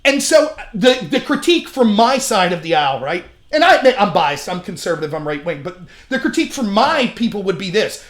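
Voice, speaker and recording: A man hosting a casual political live-stream chat, talking in an animated way, laughing and mimicking opponents in quoted voices. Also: high voice, fairly quick, few pauses. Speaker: channel host.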